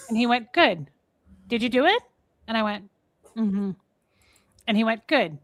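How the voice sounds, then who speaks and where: A woman co-hosting a podcast, telling a long personal story in a casual, animated way, acting out the other people in it and filling her talk with "like" and "um". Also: on the high side, slow pace, pauses often, dry recording, clean studio sound. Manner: animated storyteller, acts out quoted voices, many fillers. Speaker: podcast co-host.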